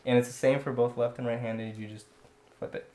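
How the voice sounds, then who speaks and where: A man's voice: mid-range voice, little pitch movement, fairly quick, warm tone. A man co-hosting a casual drawing lesson, explaining step by step while he demonstrates. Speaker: drawing instructor co-host. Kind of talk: casual teaching chat.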